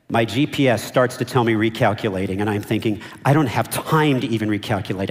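A man preaching a sermon as pastor, emphatic and repeating key phrases, drawing the congregation in. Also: fairly low pitch. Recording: long reverb of a large hall.

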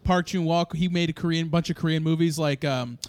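A man co-hosting a podcast in casual chat, talking in an animated, excitable way. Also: fairly high pitch, brisk, no echo, studio quality. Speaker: podcast co-host.

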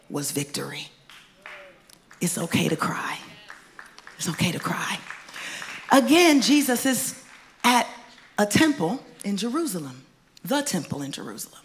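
A woman preaching to a congregation in a mid-pitched voice. She talks to them in a casual, folksy way, then rises into loud, emphatic bursts and drops to near whispers for the tender points. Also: animated, unhurried, creaky, pauses often. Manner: conversational, folksy asides to the congregation. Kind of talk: sermon. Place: church stage before a congregation.

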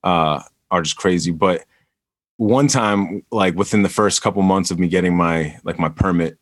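A man from the New York area telling a story as a podcast guest, in halting casual chat with many pauses and restarts. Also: low voice, dry recording. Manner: halting, full of ums and restarts.

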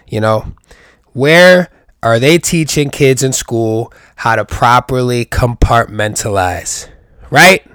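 A young New York man hosts his own podcast, rambling solo through profane, jokey riffs packed with rhetorical questions. His voice is mid-range, and the sound is studio quality with no echo.

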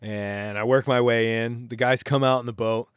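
A man hosting a podcast, casually retelling an adventure in a rambling, animated way with self-interrupting restarts. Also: medium pitch, moderate pace, smooth, dry recording, studio quality. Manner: rambling, animated retelling with laughs and acted quotes. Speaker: podcast host. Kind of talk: casual storytelling monologue.

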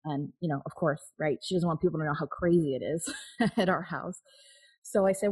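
As a guest in an interview, a woman shares a personal story frankly, with frequent restarts and bursts of nervous laughter. Her voice is low-pitched, slightly rough and darkish, she talks a little fast, and the recording quality is low.

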